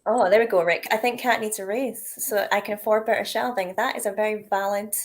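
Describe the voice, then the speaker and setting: This is a woman at a mid pitch, chatting casually on a shop livestream. She is giggly and chatty, and pokes fun at herself as she talks. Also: steady tone, fairly quick. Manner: giggly, chatty and self-mocking. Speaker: whisky shop staff and distillery tour guide.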